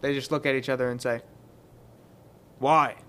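A man's voice: medium pitch, level tone, rapid-fire, fairly bright tone, smooth. A man narrating as game master in a casual tabletop game, loose and stumbling over his words. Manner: loose, stumbling, laughs often.

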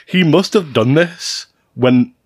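A man's voice: a little high, takes it slowly, breathy edge, dry recording. A man co-hosting a podcast, reading out stories in a casual, jokey way and swearing freely. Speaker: podcast co-host narrating stories.

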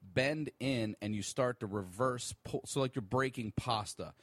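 A man guest on a podcast, telling a long story in a casual, profane, animated way. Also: medium pitch, a little slow, no echo. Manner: profane, animated storyteller who laughs often.

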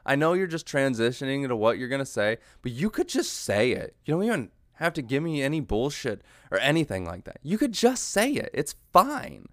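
A man's voice: medium pitch, very animated, a little fast, few pauses, dry recording, clean studio sound. A young man hosting a podcast, ranting in a comedic monologue, profane and sarcastic with an exasperated edge. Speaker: podcast host.

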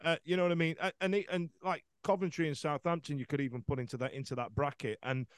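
A man's voice: fairly high pitch, steady tone, quick pace, clean tone, dry recording. A man hosting a football podcast in casual chat, rambling with many restarts. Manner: rambling, lots of restarts and fillers.

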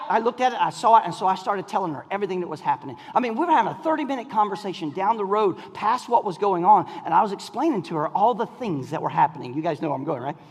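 Middle-aged male pastor, husky and high, sermon with long hall reverb. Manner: storytelling, animated, often laughing and shouting.

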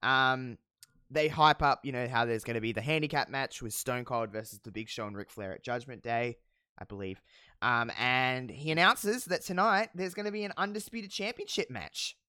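A podcast host casually recapping a wrestling show, telling it with animated, profane storytelling and frequent laughs. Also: medium pitch, normal speed, smooth, no room sound, clean studio sound. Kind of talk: casual chat.

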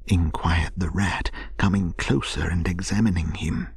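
A man narrating a bedtime story in a soft, soothing manner, often half-whispered. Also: deep voice, a little slow, creaky, hardly any pauses, slightly rough, no echo.

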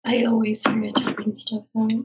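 A woman's voice: a little high, completely flat delivery, moderate pace, noisy background. A young woman co-hosting a podcast, rambling in casual chat, swearing and laughing often. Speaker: podcast co-host.

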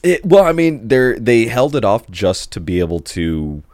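A man with a fairly low voice chats casually as a podcast co-host. He rambles and stacks up fillers as he goes. The sound is close and dry, with no room echo. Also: very animated, normal speed, darkish tone. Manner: rambling, heavy on fillers like "like" and "you know". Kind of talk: casual chat.

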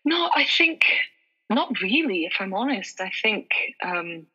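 Husky Scottish woman, chatty guest. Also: medium pitch, big pitch swings, unhurried, sharp tone, dull audio. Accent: Scottish, Aberdeenshire. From Scotland. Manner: chatty, many fillers and restarts. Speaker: actress, guest. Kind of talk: casual interview chat.

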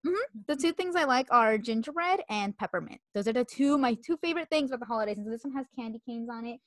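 A woman's voice: a little high, animated, quick pace, no echo, studio quality. A woman co-hosting a podcast in casual, rambling chat, sniffling from a cold. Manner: chatty, rambling, giggly. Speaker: podcast co-host.

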